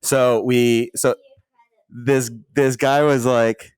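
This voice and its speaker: A man's voice: medium pitch, drawn-out words, clear, resonant tone, dry recording. A man co-hosting a crude casual podcast, telling stories and acting out the lines of angry callers. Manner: animated storytelling, acts out callers' lines; frequent laughter. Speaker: podcast co-host.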